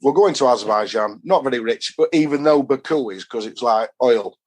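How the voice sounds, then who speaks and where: Brief: Yorkshire bloke, podcast guest, broad rambling anecdotes, mid-pitch everyday voice. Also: male voice, expressive, brisk, a little mellow. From England. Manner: rambling storyteller, chatty and broad. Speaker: guest, football fan. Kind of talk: casual anecdotal chat.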